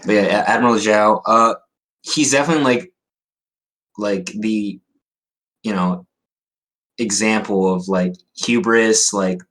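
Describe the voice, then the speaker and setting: A man's voice: fairly low pitch, fairly even intonation, measured pace, pauses often, a bit bright. A young man co-hosting a podcast, chatting casually and hesitantly, with many fillers. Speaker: podcast co-host. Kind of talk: casual chat.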